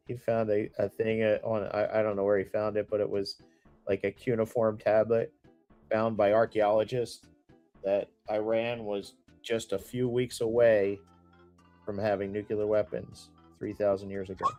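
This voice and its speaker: A man's voice: on the low side, flat delivery, moderate pace, mellow, faint music behind. A man co-hosting a casual painting chat, speaking in a dry, laconic and somewhat hesitant way. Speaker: co-host painter.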